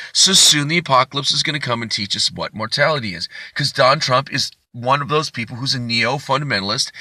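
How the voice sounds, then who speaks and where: A man's voice: mid-range voice, sharp tone, dry recording, clean studio sound. A man comedian delivering a rambling, profane, indignant comedic rant.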